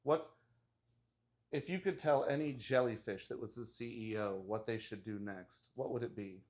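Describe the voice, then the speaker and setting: A man co-hosting a comedy podcast, feeding deadpan straight-man setups as a mock interviewer. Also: fairly low pitch, normal speed.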